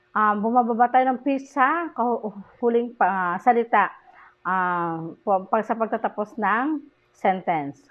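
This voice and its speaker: A woman teacher with a Filipino accent giving a lecture, switching languages and reading example sentences aloud with hesitant fillers. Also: mid-range voice. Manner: switches between English and Tagalog, reads example sentences aloud; slow, deliberate delivery with hesitant fillers. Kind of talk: classroom lecture. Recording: dull lo-fi recording.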